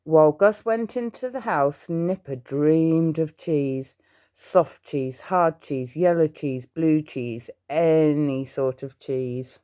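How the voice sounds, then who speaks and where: A woman reads a children's storybook aloud at a slow, unhurried pace. Her voice sits fairly low, and she turns to the listener with small asides now and then. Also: dark tone, smooth.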